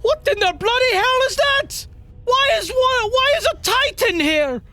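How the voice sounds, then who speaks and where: A man voicing a panicky adventurer in a shrill, squeaky falsetto in a tabletop game. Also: expressive, unhurried, sharp tone, soft background music, full character voice. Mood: alarmed.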